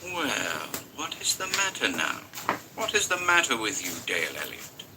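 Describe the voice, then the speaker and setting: In a storybook reading, a sly little demon familiar voiced by a man talks in a shrill, wheedling, coaxing way. Its voice sits well above the reader's own. The recording carries a clear hiss of background noise. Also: wildly swooping pitch, normal speed.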